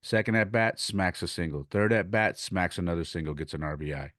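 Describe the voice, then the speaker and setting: A man's voice: low-pitched, fairly quick, fairly bright tone, no echo, studio quality. A man hosting his podcast, animatedly telling a story from coaching youth baseball and retelling conversations in his own words.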